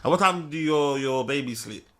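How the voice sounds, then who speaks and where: A man's voice: a little high, sharp tone. A man, a podcast host who teases his guest in slangy, casual chat. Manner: teasing, slangy, quick interjections. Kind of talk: casual conversation.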